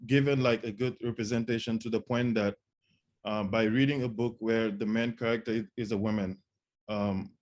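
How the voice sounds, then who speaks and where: A man's voice: mid-range voice, darkish tone. A man in the audience asking a question on a video call, hesitant, with many fillers and repeated words.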